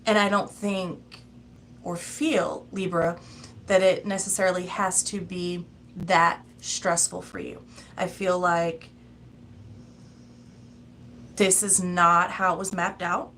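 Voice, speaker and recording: A woman's voice: lowish voice, little pitch movement, slow, long pauses, fairly bright tone, a little hiss or hum. Chatty woman giving a tarot reading. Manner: chatty, rambling, laughs often. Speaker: tarot reader. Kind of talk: casual spoken tarot reading.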